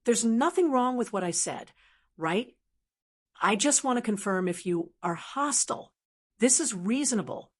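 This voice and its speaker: Calm young male prodigy, reasoning and persuasive, woman narrator reading; audiobook. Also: on the high side, unhurried.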